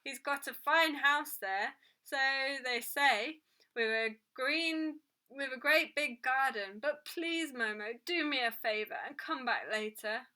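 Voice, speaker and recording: Woman voicing harried male café owner, storybook reading, hurried, nervous, apologetic, bright forceful tone. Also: sits high, heavily acted.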